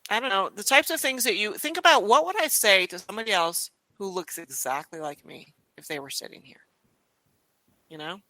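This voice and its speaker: A young adult woman chatting as a podcast guest and telling stories in a lively way, with lots of restarts and "you know.". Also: medium pitch, fairly quick, no echo, low-quality recording. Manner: animated storyteller, frequent restarts and "you know". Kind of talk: casual conversation.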